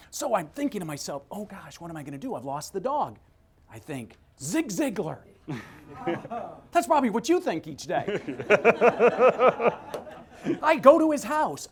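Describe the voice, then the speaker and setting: A middle-aged man telling an excitable story as a guest in a webcast interview. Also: sits high.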